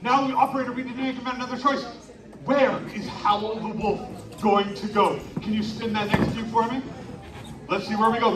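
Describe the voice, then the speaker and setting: A high-pitched man runs a lively storytelling show, calling out to the audience and egging them on to shout. He is heard from a distance in an echoey space. A crowd chatters around him. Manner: animated, coaxing the crowd into shouting. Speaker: live children's storytelling performer. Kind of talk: interactive live show hosting. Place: outdoor winter carnival stage. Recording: echoey, distant live stage recording with crowd. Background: audience noise.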